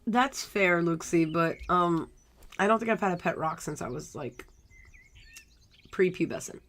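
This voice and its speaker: A young woman live-streaming a cozy game, chatting and laughing as she slowly reads its text aloud. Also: on the low side, animated, fairly bright tone. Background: faint game music.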